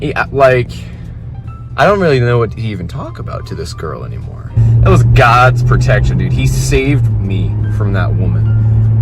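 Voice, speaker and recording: Young guy, casual gym vlogger, chatty and slangy, mid-pitched, music bed behind. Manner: rambling storytelling, slangy and animated. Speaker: fitness vlogger. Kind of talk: casual vlog talk to camera.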